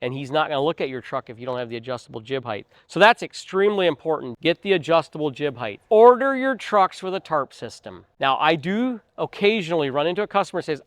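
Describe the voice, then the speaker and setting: A man's voice: fairly high pitch, expressive, fast, few pauses, a bit bright, no room sound, clean studio sound. A middle-aged man, a truck dealer, giving earnest, emphatic sales advice and folksy stories straight to camera.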